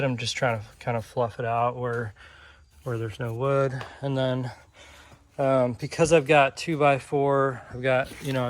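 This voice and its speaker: A man casually walking through his own barn insulation project, talking in a relaxed, rambling way with frequent ums and restarts. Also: mid-range voice. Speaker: DIY vlogger. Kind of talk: casual walkthrough narration. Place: pole barn workshop.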